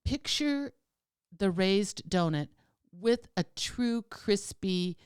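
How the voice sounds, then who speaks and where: A woman co-hosting a podcast in casual chat, lively, explaining things step by step with many tag questions. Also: mid-range voice, slow pace, clean tone, no echo, studio quality. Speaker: podcast co-host.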